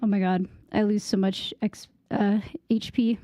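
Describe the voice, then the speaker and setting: A woman's voice: mid-range voice, flat delivery, a little slow, dark tone, no echo. A young woman chatting casually while playing a game, rambling and easily distracted, with lots of "like" fillers. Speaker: gaming streamer. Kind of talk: casual gameplay chat.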